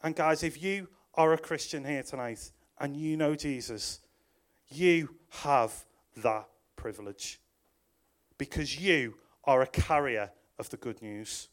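A man's voice: fairly high pitch, takes it slowly. A young man preaching a sermon, reading scripture and telling the story with jokey asides and acted-out voices. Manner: lively, acts out quoted voices with jokey asides.

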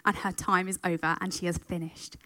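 Bright, animated woman preaching. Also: on the low side, a little fast, no room sound. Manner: emotional, animated storytelling. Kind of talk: sermon.

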